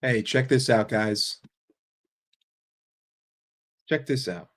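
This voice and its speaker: A man's voice: mid-range voice, unhurried, fairly bright tone. A man hosting a casual football livestream. He reads the chat aloud and answers with blunt, sarcastic, heavily profane opinions. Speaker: football fan streamer reading chat.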